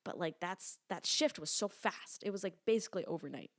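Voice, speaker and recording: Chatty young woman, lower voice. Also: brisk, no echo, clean studio sound. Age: about 20. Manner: chatty, animated storytelling with frequent "like" and swearing. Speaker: podcast guest, lifting influencer. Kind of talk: casual candid chat.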